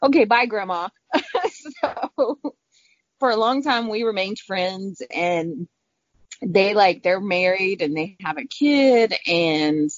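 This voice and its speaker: Taking her time in a mid-range voice, a woman shares something that happened to her, swearing freely and speaking bluntly while acting out what others said with animated voices. There's no room sound, and the lo-fi audio comes across dull.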